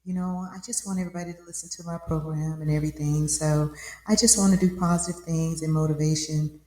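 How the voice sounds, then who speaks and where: A woman's voice: deep voice, steady tone, fast talker, darkish tone, a little hiss or hum. A woman from the American South with a Southern accent, hosting an emphatic, conversational commentary and putting rhetorical questions to her audience. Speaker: commentary show host. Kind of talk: fired-up opinion commentary. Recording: echoey room with music behind.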